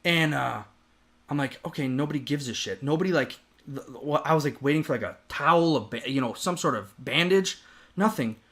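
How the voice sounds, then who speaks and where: A man on a podcast telling a story in casual chat, animated and profane, rambling with restarts. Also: a little high, moderate pace. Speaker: podcast host.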